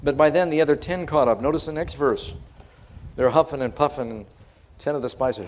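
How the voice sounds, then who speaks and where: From a church platform, a man preaches to a congregation, retelling scripture as a dramatic story. His voice is on the high side and a little fast, and his conversational manner includes putting questions to the audience.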